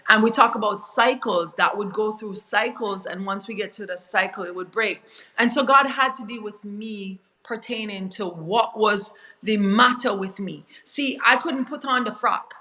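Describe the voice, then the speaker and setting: Woman w jamaican accent, bright crisp voice, earnest faith testimony, slips into patois sometimes. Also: medium pitch, normal speed, rough recording. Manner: earnest and confessional, slipping into patois. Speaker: guest. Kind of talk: faith-based testimony in an interview.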